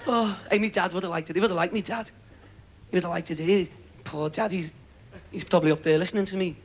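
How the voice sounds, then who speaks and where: A man with a Liverpool accent doing stand-up comedy on a TV stage, with quick patter and stammering repeats. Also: high voice, steady tone, slight background noise. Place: TV studio stage.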